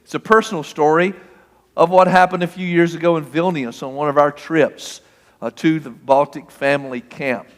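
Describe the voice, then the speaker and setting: A man preaching a sermon, telling a personal story with animation and acting out the shouting. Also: a little high, moderate pace. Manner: storytelling, animated, acts out the argument. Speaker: pastor. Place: church sanctuary. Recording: long hall reverb.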